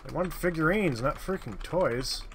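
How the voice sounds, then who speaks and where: A man's voice: fairly high pitch, animated, normal speed, fairly bright tone, a little hiss or hum. A man giving casual, sardonic gameplay commentary, muttering his way through lists of items. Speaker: let's play host. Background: keyboard typing.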